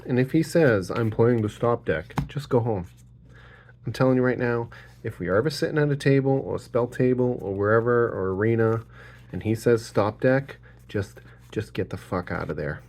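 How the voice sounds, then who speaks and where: A man's voice: lowish voice, darkish tone. A man chatting casually while sorting trading cards, rambling with jokes and profane rants. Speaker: card-opening channel host.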